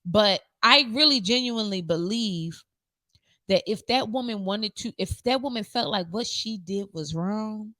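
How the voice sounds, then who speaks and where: A woman's voice: mid-range voice, unhurried, fairly bright tone, no echo, low-quality recording. A young woman co-hosting a casual podcast chat, blunt and emphatic, swearing freely as she argues her point. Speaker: co-host. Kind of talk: casual podcast chat reviewing a reality show.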